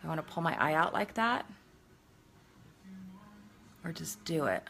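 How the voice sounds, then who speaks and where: A woman's voice: low-pitched, animated, moderate pace, creaky, fairly bright tone, soft background music. A middle-aged woman chatting casually through a makeup tutorial, self-deprecating and talking as she works. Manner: chatty, self-deprecating, talks while working. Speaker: makeup vlogger.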